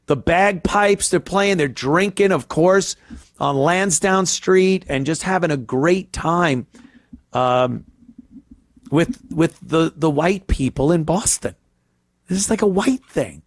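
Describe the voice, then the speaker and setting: A man's voice: fairly high pitch, expressive, slow, dry recording, studio quality. A male host ranting in a crude, profane, rambling way on a casual comedy podcast.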